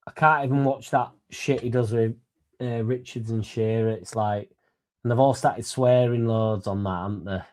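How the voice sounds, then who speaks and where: A young man rambles through a loose, sweary live chat about football, a little drunk and laughing as he goes. His voice sits warm and mellow at a middle pitch, and he trails in and out of focus. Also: fairly even intonation, normal speed. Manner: rambling, sweary and laddish, laughing between lines. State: a bit drunk. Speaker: fan channel host. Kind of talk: casual livestream chat.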